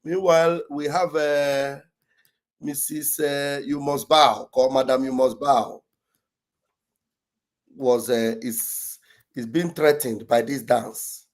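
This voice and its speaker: A man gives animated, mocking commentary over video clips, repeating phrases and breaking into shouts. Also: medium pitch, takes it slowly, pauses often. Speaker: online commentator.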